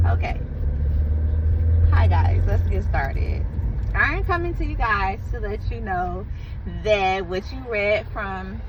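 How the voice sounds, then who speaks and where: Young female vlogger, lively and drawn-out delivery, muffled audio over road noise. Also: mid-range voice. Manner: animated, repeats herself, laughs often. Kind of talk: casual chat to camera.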